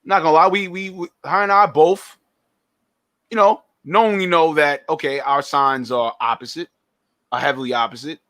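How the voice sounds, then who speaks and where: A man's voice: a little high, fairly even intonation, moderate pace, bright, forceful tone, no room sound. A young man chatting casually on a podcast, stumbling and repeating words as he thinks aloud. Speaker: podcast host.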